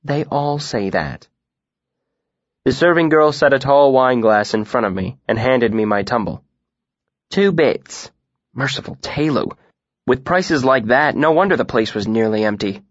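A man narrating a story in the first person, in an even, measured way. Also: medium pitch, no room sound, lo-fi sound. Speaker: audiobook narrator.

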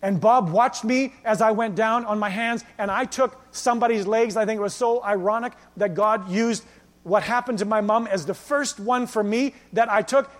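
High-voiced man preaching a sermon. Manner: preaching with big swings from loud to hushed storytelling. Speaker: pastor.

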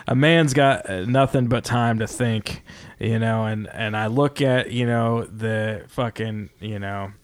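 A man's voice: on the low side, slow, smooth, dry recording. A man hosting a podcast, talking in a rambling, casual way with lots of fillers and swearing. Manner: rambling, profane, many fillers. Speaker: podcast host. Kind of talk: casual chat.

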